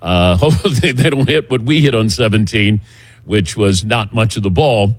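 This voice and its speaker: Middle-aged sports radio host, dry and close. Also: male voice, on the low side, moderate pace, slightly rough, no echo. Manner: relaxed, chatty, reads ads and show rundown. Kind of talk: casual morning show talk. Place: outdoors by a golf driving range.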